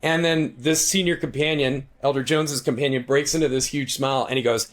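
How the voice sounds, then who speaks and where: Interviewed as a guest author, a man tells a long story casually and with animation, full of asides and restarts. He talks fairly quickly and a lot, acting out quoted lines by shifting his pitch.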